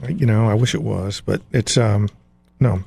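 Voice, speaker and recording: A man's voice: on the low side, steady tone, vocal fry, warm tone, husky, dry recording. A man giving weekend entertainment picks as a radio guest, in a chatty, self-joking manner. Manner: chatty, quick asides, laughs at himself.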